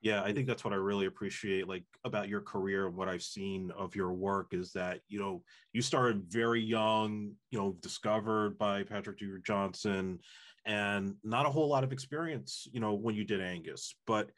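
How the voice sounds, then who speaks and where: Rambling low-voiced male interviewer. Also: steady tone, moderate pace, fairly bright tone. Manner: rambling, full of "you know" and "like" fillers. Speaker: interviewer, host. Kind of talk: casual interview chat.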